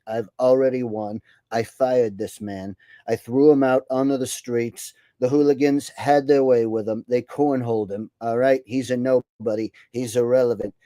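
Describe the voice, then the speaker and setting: A man's voice: medium pitch, mellow, no room sound, lightly acted. A man putting on the voice of a boastful older president who rambles and keeps saying "all right?". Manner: repeats "all right?", brags and boasts, mocking. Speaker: host doing an impression. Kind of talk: comedic impression.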